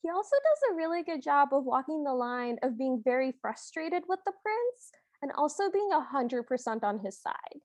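A woman's voice: sits high, very animated, normal speed, few pauses, darkish tone, no room sound. A woman co-hosting a podcast, playfully recapping a film, laughing often and mimicking characters. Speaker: podcast co-host. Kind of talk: casual chat recapping a film.

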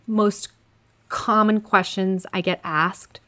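A woman's voice: medium pitch, normal speed. A woman hosting an advice podcast, coaching listeners in a direct, upbeat way while her voice is scratchy and shaky from a cough. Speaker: podcast host.

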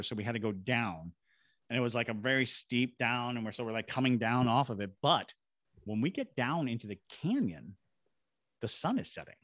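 A medium-pitched man, a paranormal investigator and ghost tour guide from Savannah, Georgia, tells an animated story as a podcast guest, acting out voices and sound effects. The recording is dry.

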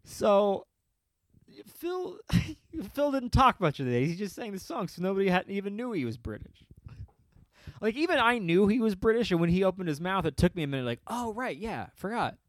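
A man's voice: high voice, sing-song, normal speed, dry recording. A man telling a rambling, profane comedic story on a podcast and laughing often. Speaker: podcast host.

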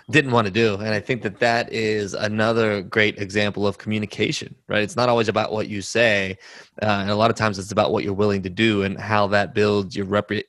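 Low-voiced thoughtful male host. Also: fairly bright tone, no echo. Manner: thoughtful, affirming, frequent "right?". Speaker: podcast host. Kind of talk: interview questions and reflection.

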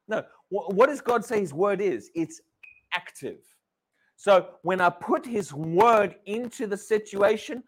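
A man from Britain preaching a sermon, animated, repeating words and asking his congregation questions. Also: high voice, breathy edge. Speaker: pastor.

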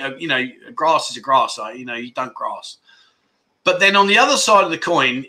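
A man from London with a London accent, living in Thailand, reads viewer comments on his casual livestream chat show. Chatty and full of jokes, he rambles with restarts and laughs in a medium-pitched, sharp voice.

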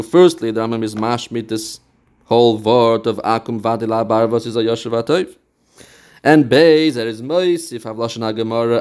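A smooth, darkish voice of medium pitch at a moderate pace belongs to a Torah teacher. He breaks down a Talmudic text step by step, quoting it in a study chant and slipping between English, Yiddish and Hebrew.

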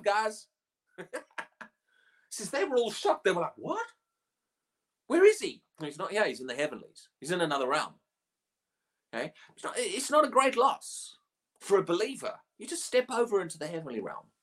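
A woman preaching a sermon, emphatic and animated, often asking rhetorical questions. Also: medium pitch, breathy edge.

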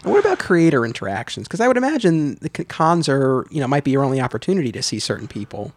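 Fast-talking man asking questions. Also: mid-range voice, big pitch swings, dry recording. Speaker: interviewer. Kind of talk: casual interview.

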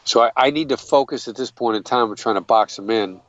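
A man's voice: mid-range voice, quick pace, dry recording, highs cut off. A man explaining negotiation tactics in an interview, earnest and methodical, often restarting his sentences. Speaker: guest, hostage negotiator.

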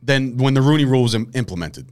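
A man's voice: mid-range voice, animated, quick pace, darkish tone. A man co-hosting a sports podcast, talking casually and animatedly, swearing and restarting words as he goes. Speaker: podcast co-host.

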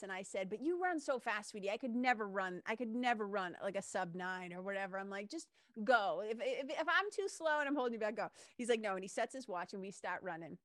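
A woman hosting a podcast, telling stories in a lively casual way and swearing now and then. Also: medium pitch, dry recording, clean studio sound. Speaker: podcast host. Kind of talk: casual interview chat.

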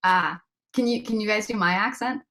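A woman's voice: mid-range voice, normal speed, a bit bright. A young American woman, a singer guest on a podcast, chatting casually and laughing often at herself. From United States. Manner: giggly, self-deprecating, laughs often. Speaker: guest musician.

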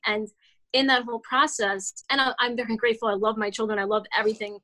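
A woman's voice: a little high, level tone, quick pace, pushed and bright. Chatty woman in her thirties, rambling. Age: 30s. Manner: rambling, many restarts and fillers, heartfelt. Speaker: guest author. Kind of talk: casual interview storytelling.

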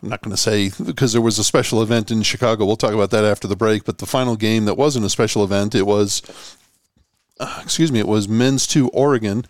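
A man's voice: fairly low pitch, fairly even intonation, quick pace, dry recording, studio quality. A man hosting a podcast, chatting casually with a wry, chuckling manner. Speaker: podcast host. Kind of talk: casual chat.

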